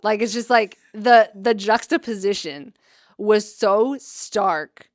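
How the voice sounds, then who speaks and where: A woman's voice: medium pitch, takes it slowly, dry recording, studio quality. A young adult woman, an athletic trainer, telling a story in casual podcast talk, with "like" in nearly every phrase. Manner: chatty, heavy use of "like", animated retelling.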